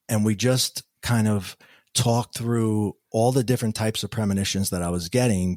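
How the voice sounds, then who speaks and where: A middle-aged man, a podcast guest, telling a personal story in an animated way and acting out the quoted dialogue. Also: fairly low pitch, dry recording, studio quality. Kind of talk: storytelling interview answers.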